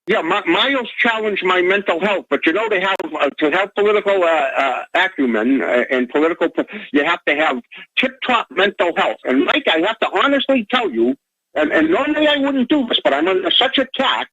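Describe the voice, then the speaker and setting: A man's voice: high voice, sing-song, brisk, vocal fry, bright, forceful tone, dry recording. A man calling in to a talk radio show, rambling with stumbling restarts over a phone line. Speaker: caller. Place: Boston area.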